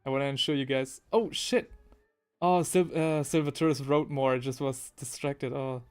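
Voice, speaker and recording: A man's voice: medium pitch, steady tone, fairly quick, smooth, faint music behind. A man hosting a casual live stream while painting miniatures, rambling and correcting himself as he reads the chat aloud. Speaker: livestream host painting miniatures. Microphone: headphones with desk mic.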